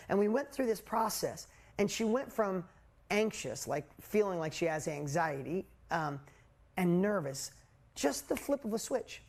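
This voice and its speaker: On a video call with his group, a forties-aged coach shares a story about himself, animated and frank, swearing casually. He has a high, gravelly voice and keeps a measured pace.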